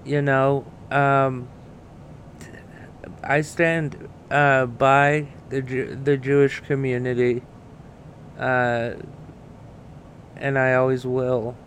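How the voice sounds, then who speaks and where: Slow, halting man hosting a podcast. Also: medium pitch, level tone, fairly bright tone, slight background noise. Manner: halting, many fillers and restarts, swears freely. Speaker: podcast host. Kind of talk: casual solo commentary.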